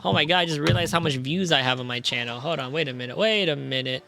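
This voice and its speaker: A man streaming a story game, chatting casually and joking while he reads game lines aloud in an animated way. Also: a little high, quick pace, gravelly, faint music behind.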